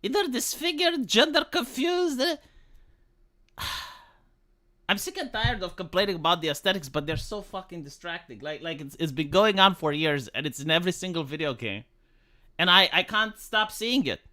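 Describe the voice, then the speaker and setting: Bright-voiced ranting game streamer. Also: mid-range voice, animated, normal speed. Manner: ranting, exasperated, stumbling over words. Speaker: live streamer. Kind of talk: live gameplay commentary.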